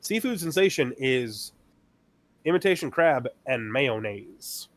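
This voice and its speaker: A man's voice: mid-range voice, animated, slow, fairly bright tone, no echo. A man co-hosting a casual chat podcast, telling stories about difficult customers and acting out both sides of the exchanges. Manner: storytelling, acting out customers and himself. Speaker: podcast co-host.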